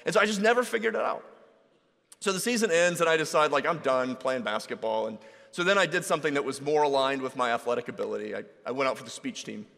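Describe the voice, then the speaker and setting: A man preaching a sermon in a relaxed, conversational storytelling way, acting out the voices of people in his stories. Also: mid-range voice, fast, gravelly, slight background noise. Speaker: pastor. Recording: reverberant hall.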